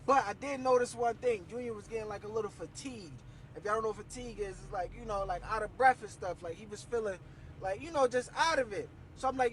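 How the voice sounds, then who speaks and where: A man's voice: extremely high pitch, fairly quick, low-quality recording. A young man telling a story to camera in a casual, slangy way, acting out what people said. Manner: animated, slangy, acts out quoted voices.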